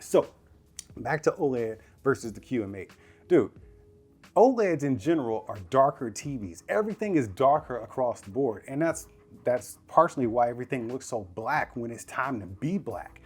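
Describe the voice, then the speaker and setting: A man's voice: medium pitch, darkish tone, husky. A man casually reviewing a TV at home, chatty and slangy, talking straight to viewers and laughing often. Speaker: tech reviewer. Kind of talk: casual product review vlog. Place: living room at home.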